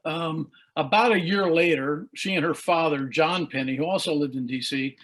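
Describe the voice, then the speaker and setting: A man's voice: a little high, normal speed, fairly bright tone, poor audio. A man in his sixties from the United States, giving an earnest leadership talk over a video call, telling stories and getting emotional at times. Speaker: guest speaker.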